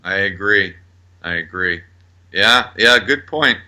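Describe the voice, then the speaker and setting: A man co-hosting a film podcast in casual chat. He is animated, laughs often and is quick to agree. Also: low voice. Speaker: podcast co-host.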